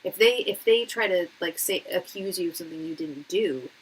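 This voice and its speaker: A woman in her late thirties giving advice on a live tarot stream, telling stories in an animated, emphatic way with lots of "like" and restarts. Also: on the low side, fairly quick, a little hiss or hum, rough recording. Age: late 30s. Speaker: tarot reader and psychic hosting a live reading.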